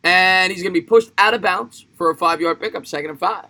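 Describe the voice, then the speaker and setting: High, bright-voiced man calling plays. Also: a little fast. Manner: punchy, clipped play calls that build in excitement. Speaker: host calling a game for a live stream. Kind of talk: amateur play-by-play commentary.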